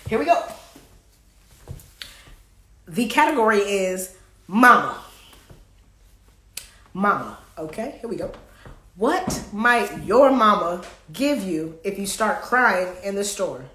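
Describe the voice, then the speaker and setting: Slow and full of pauses, this woman speaks with a bright, forceful, medium-pitched voice and lively intonation. Hosting a live card game in an echoey room, she reads the cards aloud playfully and breaks into bits of songs.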